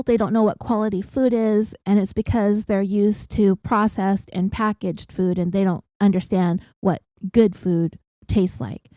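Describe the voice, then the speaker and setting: A woman's voice: medium pitch, warm tone, no echo. A woman podcast host recapping a story in a casual, wry, conversational way.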